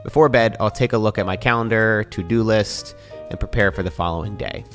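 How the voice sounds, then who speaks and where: A man in his thirties, from the American East Coast, narrates a vlog voice-over with a calm, measured and even delivery. His voice sits a little low, with faint music behind it. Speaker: vlogger.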